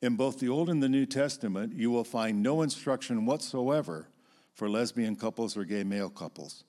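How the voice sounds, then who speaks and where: A man giving a Bible teaching talk to a class, measured and emphatic, dropping his voice low on key points. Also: lively intonation, dark tone.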